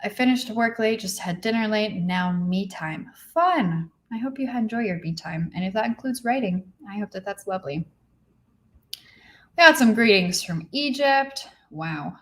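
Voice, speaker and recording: A young woman hosting a writing livestream alone in her apartment, chatting casually and reading viewer comments aloud, a little tired and low on energy. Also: expressive, moderate pace. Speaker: livestream host. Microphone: computer mic.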